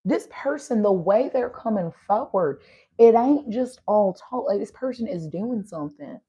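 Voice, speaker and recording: Animated yet a little slow, her mid-range voice is dark with a breathy edge. She's a tarot reader with a slight Southern country twang, doing a casual, chatty reading while tired from driving all night, saying y'all to viewers and frequently checking "right?"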